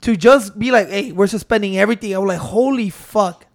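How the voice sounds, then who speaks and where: A man hosting a podcast into a microphone, telling stories in excitable, profane casual chat. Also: high-pitched, fast talker. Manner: excitable, swearing, storytelling with restarts. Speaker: podcast host.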